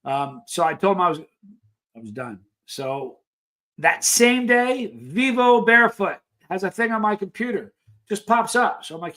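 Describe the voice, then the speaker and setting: A man with a fairly high voice hosts a casual live stream. He rambles through stories and reads viewer messages aloud in an easygoing chat. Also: expressive, normal speed, sharp tone.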